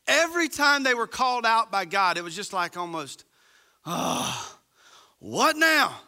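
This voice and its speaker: Man, pastor, conversational sermon, high pitch, sharp bright tone. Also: big pitch swings, brisk, clear, resonant tone. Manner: conversational preaching, speaks straight to the congregation.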